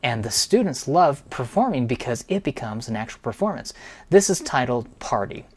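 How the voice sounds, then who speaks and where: A man in middle age talks through his own piano pieces as a teacher. His delivery is enthusiastic and explanatory, the tone of someone guiding fellow teachers through a book. His pitch sits in an ordinary middle range. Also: big pitch swings, normal speed, slightly rough. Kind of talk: instructional walkthrough.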